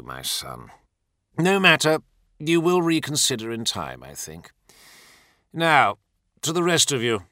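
A man voicing a possessed male demon prince who is silken and mocking, speaking slowly and theatrically. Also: fairly high pitch, sharp tone, clear, resonant tone, no echo, clean studio sound, pitched above the performer's own voice, heavily acted.

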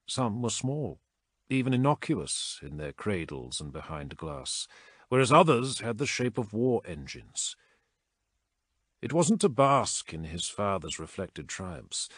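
A man reading a war story aloud as narrator, in measured, dramatic storytelling. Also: on the low side, fairly bright tone, breathy edge, no echo, studio quality. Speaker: audiobook narrator. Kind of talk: scripted narration.

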